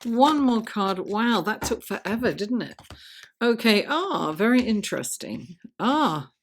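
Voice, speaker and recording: A woman giving a weekly horoscope tarot reading, chatty and unhurried, murmuring her card invocations softly. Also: mid-range voice, big pitch swings, slight background noise. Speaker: tarot reader.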